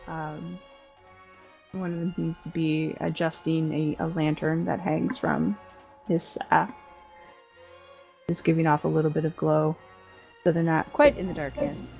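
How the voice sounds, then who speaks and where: Woman DM, low gravelly voice, laid-back narration with a soft music bed. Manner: laid-back, lots of filler and laughter. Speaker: dungeon master. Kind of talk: narrating a tabletop game.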